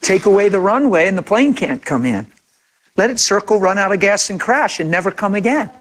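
A man's voice: high-pitched, animated, brisk. A man preaching a sermon in an impassioned, conversational way, acting out imagined quotes.

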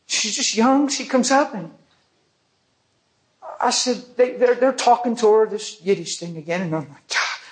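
A man's voice: sits high, moderate pace, long pauses. A man preaching a testimony, telling a vivid story and acting out the people in it.

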